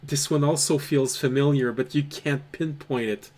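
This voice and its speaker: A man narrating a tabletop role-playing game as game master, telling the scene in a measured, dramatic way. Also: mid-range voice, steady tone, darkish tone. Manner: slow, measured, dramatic storytelling.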